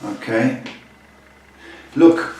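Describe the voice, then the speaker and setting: A man hosting a live-stream psychic reading, talking gently and often checking in with "okay?". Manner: slow, soothing, ends phrases with "okay?". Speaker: psychic host. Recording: echoey room, mic far off, faint noise.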